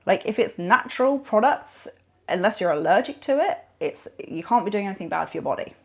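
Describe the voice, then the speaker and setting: Gravelly, animated woman. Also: mid-range voice, brisk. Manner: animated, rambling with many fillers. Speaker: nutrition coach, podcast guest. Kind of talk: conversational podcast interview.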